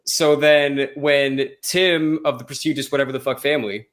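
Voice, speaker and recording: A man's voice: medium pitch, fairly even intonation, normal speed, fairly bright tone. An American man co-hosting a music podcast, chatting loosely, swearing and joking about his subject. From United States. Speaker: podcast co-host. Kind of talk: casual podcast chat.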